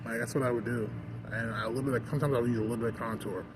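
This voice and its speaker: A man talks straight to camera in a loose, rambling rant, with a voice at an ordinary middle pitch. He swears freely and leans on "like" and "you know what I mean" constantly. Clear background noise and passing vehicles run under the whole recording. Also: steady tone, very fast. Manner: rambling, profane, constant "like" fillers. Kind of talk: casual rant vlog.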